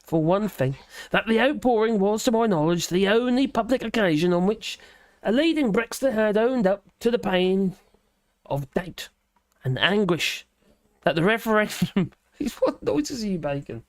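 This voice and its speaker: A woman reads a news piece aloud, stopping again and again to mock it with sarcastic asides. She rambles, hesitates and fills gaps with "uh", and her voice is set at a middling pitch. The recording is dry, with no room echo. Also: animated, normal speed. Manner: sarcastic, mocking asides between read passages; rambling with many fillers and hesitations. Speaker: livestream host. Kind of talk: reading a news article aloud with commentary.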